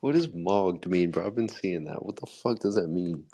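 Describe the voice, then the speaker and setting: A man's voice: low-pitched, moderate pace, mellow. A man co-hosting a podcast in casual chat, joking and swearing between laughs. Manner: laughing, profane, bantering. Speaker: podcast co-host.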